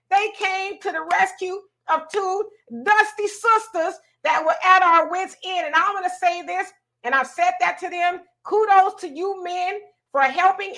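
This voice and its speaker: A middle-aged woman hosting a talk show, telling a story in a casual, animated way and repeating words for emphasis. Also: very high-pitched. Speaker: show host.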